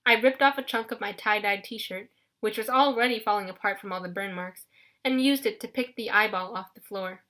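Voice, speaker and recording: A woman narrating an audiobook in a lively first-person storytelling manner. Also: mid-range voice, a little fast.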